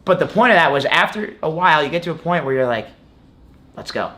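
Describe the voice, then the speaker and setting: A man's voice: on the high side, lively intonation, quick pace, sharp tone. A man in his twenties, a guest in an interview, telling a story casually with many "like"s and restarts. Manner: rambling, filler-heavy storytelling with many "like"s. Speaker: guest wrestler.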